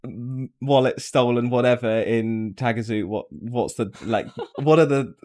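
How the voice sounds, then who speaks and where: A man's voice: medium pitch, a little mellow. A man co-hosting a podcast, chatting casually and tossing in wry interjections. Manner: quick interjections and wry jokes. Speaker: podcast co-host. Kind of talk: casual chat.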